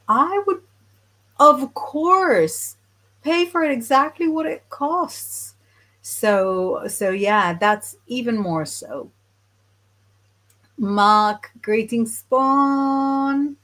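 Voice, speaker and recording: A woman's voice: mid-range voice, fairly bright tone. A woman hosts a live stream on psychic development, talking frankly and casually. She reads viewers' comments aloud and answers each one, with a voice in the middle of the usual range.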